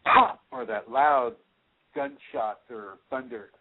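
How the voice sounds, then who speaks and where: A man's voice: medium pitch, slow. A man hosting a spiritual radio show, speaking straight to the listener and reassuring them as he answers their questions. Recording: tinny phone-line radio audio.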